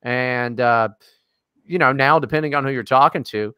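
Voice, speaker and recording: A man's voice: mid-range voice, normal speed, sharp tone, smooth, no room sound, studio quality. An American man co-hosting a podcast, talking in a casual, profane and sarcastic way with lots of fillers. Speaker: podcast co-host. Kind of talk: casual chat.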